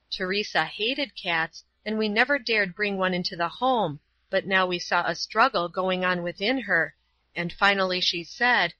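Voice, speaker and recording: A woman narrating an audiobook in an even, measured way, her voice bright and clear. The sound is dry and close, with a slightly dull, lo-fi edge. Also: medium pitch, no echo. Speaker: audiobook reader. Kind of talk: scripted narration.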